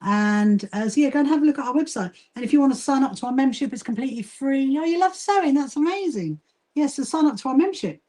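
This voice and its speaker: High, animated and quick, with a mellow quality, the voice belongs to a southern English woman hosting a laid-back sewing livestream. The quilting association founder greets and chats with viewers while working, restarting her sentences frequently.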